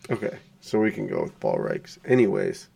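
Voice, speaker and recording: Male co-host in his twenties, dark gravelly voice, dry close sound, blunt and teasing. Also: lowish voice, wildly swooping pitch, normal speed, no echo. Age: 20s. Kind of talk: casual chat.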